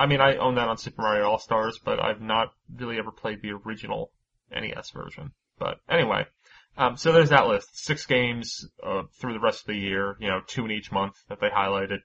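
A man hosting a podcast, chatting casually and running through news, energetic and quick to swear. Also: mid-range voice, dull audio. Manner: energetic, swears freely, laughs often. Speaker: podcast host. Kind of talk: casual chat and news rundown.

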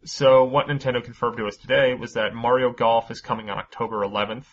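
Brief: male podcast host, casual and energetic, reading news items, mid voice, dull recording. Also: mid-range voice, fast. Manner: energetic, swears freely, laughs often. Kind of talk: casual chat and news rundown.

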